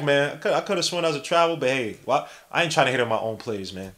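A young man hosting a podcast, giving casual live play-by-play and reading the chat aloud in an animated, slangy way. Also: medium pitch, fast, few pauses. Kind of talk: casual live-stream commentary.

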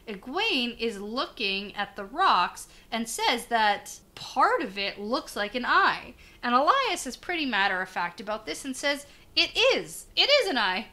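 A woman co-hosts a podcast in a relaxed, chatty way, swearing at times and briefly voicing characters as she retells a book chapter. Her voice is bright and sits a little high for a woman. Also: measured pace. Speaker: podcast co-host. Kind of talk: casual book discussion.

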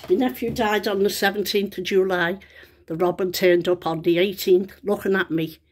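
A middle-aged woman filming a casual vlog outdoors in her back garden on a phone, chatty and excited as she calls to a bird. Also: mid-range voice, normal speed. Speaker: vlogger.

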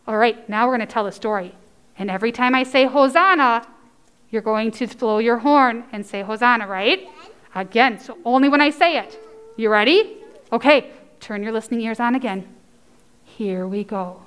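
Lively high-voiced woman leading children's story. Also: normal speed, smooth. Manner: animated, excited, coaxing children, shouting cheers. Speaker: children's sermon leader.

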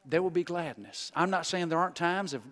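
A male guest preacher giving a revival sermon, folksy and joking, swinging from loud exhortation to hushed intensity. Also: high-pitched, brisk.

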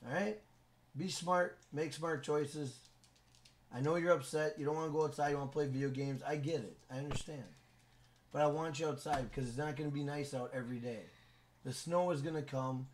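A man live-streaming a video game, loud and casual, swearing often and scolding his son between comments to the chat. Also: on the high side, steady tone, quick pace, a little hiss or hum. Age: adult with a school-age son.

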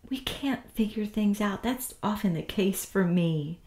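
A woman teaching the Bible in a gentle devotional style, often half-whispering with tender warmth. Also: medium pitch, lively intonation, a little slow, hardly any pauses, reverberant.

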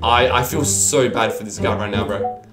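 A man's voice: on the low side, moderate pace, over music. A man doing casual gaming commentary as a YouTuber, rambling and stammering, saying 'bro' constantly.

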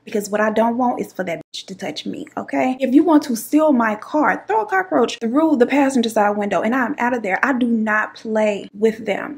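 A YouTube storyteller with a fairly high, expressive voice and some vocal fry recounts a dramatic personal story at normal speed with few pauses. Sassy and chatty, she calls her viewers "child" and "girl."

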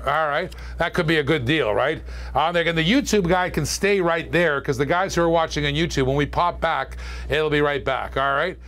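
Man, slightly high voice, live auction host, chatty joking patter, calls out bids. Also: normal speed, a bit bright.

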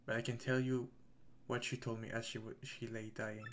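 A man voicing a sorrowful elderly man who speaks quietly and hesitantly. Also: medium pitch, level tone, moderate pace, noisy background, close to an everyday voice. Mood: remorseful. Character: Bodley, sorrowful elderly male sea-bar keeper.

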